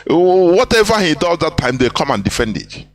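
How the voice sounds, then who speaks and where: A man's voice: on the high side, sing-song, normal speed. A man hosting a live call-in broadcast, lecturing listeners with frequent hesitant fillers. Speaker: host.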